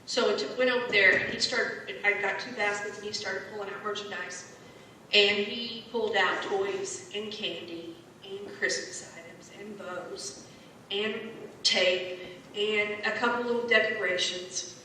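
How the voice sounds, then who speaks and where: A woman's voice: mid-range voice, steady tone, normal speed, sharp tone, a little hiss or hum. A woman sharing an earnest personal story with a church congregation, retelling the dialogue, growing emotional and emphatic. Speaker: church member sharing a testimony. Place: church sanctuary. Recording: echoey church from a distant mic.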